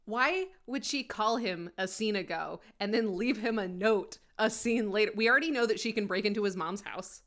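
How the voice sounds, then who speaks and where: A woman's voice: mid-range voice, normal speed, hardly any pauses, a bit bright. Wry, sarcastic woman podcaster. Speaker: podcast co-host. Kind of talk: casual chat.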